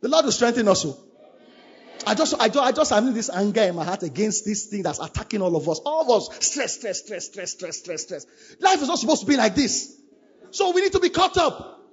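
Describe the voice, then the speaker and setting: A man's voice: high-pitched, big pitch swings, brisk. A man preaching a sermon, urging his listeners with fervent, repetitive lines. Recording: dull lo-fi recording.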